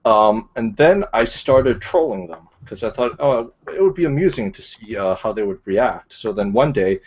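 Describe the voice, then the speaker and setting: Low-voiced man rambling on stream. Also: normal speed, slightly rough, lo-fi sound. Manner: rambling, deadpan storytelling with many fillers. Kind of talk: casual live-stream chat.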